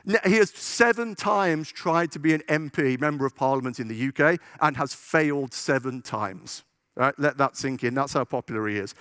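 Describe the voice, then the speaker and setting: A man's voice: medium pitch, fairly bright tone, no room sound, studio quality. A man giving a conference talk, chatty and joking, checking in with the audience. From United Kingdom. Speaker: conference speaker. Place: conference hall stage.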